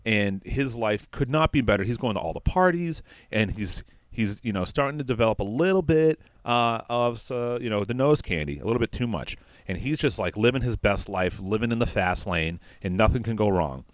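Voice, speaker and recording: Rambling male comedy podcaster, lively pitch. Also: dry recording. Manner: rambling with frequent fillers and quick quoted voices. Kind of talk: improvised comic storytelling.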